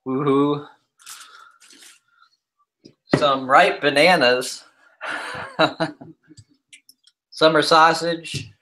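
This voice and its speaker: A man hosting a casual livestream, rambling in a relaxed way with lots of fillers as he shows off his kitchen. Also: fairly high pitch, extremely slow, long pauses. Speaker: livestream host. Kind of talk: casual chat, showing his kitchen pantry on stream.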